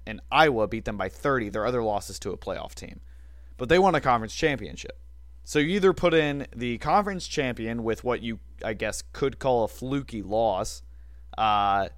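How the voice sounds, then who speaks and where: A man's voice: medium pitch, dry recording, studio quality. A man co-hosting a casual sports talk show, giving opinionated takes with wry, self-mocking asides.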